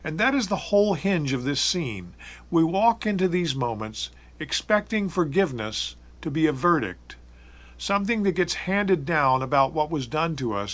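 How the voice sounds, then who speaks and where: Reflective man preaching a measured homily. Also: a little high, lively intonation, fairly bright tone. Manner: measured, reflective storytelling with emphatic repetition. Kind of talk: sermon.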